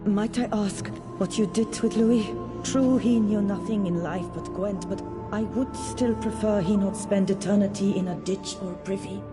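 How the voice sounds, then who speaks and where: An actress playing a refined woman in a video game, speaking in a formal, measured way. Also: mid-range voice, steady tone, lightly acted. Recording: game audio with music behind.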